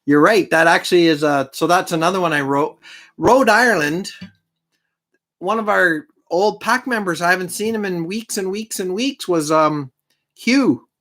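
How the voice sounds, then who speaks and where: A man hosts a live stream in a loose, rambling chat, cracking jokes and putting himself down. His voice sits a little higher than average. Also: moderate pace, fairly bright tone. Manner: rambling, joking, self-deprecating.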